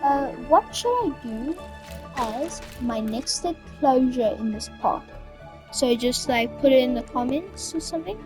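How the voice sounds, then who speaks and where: Slow-talking woman gaming commentator. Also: sits high, expressive. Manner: chatty, self-mocking asides. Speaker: gamer. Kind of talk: let's play commentary. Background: faint game music.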